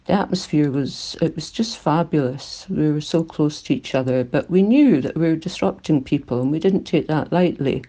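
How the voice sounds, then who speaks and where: A woman's voice: sits low, normal speed, hardly any pauses, mellow. An older woman with a Glaswegian accent, a climate activist speaking earnestly and with feeling in a recorded interview, her voice shaking at times. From Scotland.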